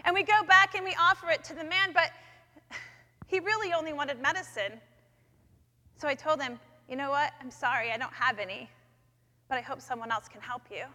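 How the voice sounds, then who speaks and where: A woman speaking in a chapel, sharing a personal faith story with lively storytelling in which she acts out her own thoughts. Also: high voice, a little fast, pauses often. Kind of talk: personal testimony talk. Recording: long echoey hall reverb.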